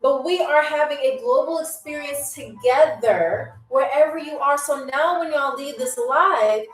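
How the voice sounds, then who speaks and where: A woman's voice: high voice, unhurried, far from the mic. A woman hosting a live-stream trivia game show. She talks in a playful, teasing, chatty way to her viewers. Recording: roomy sound from away from the mic.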